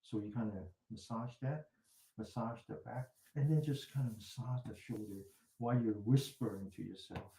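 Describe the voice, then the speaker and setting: This is guided self-massage instruction from a man who teaches mindfulness, his medium-pitched voice moving at a moderate pace. He gives the group calm, step-by-step directions, whispering softly whenever words repeat, and the room has a noticeable echo.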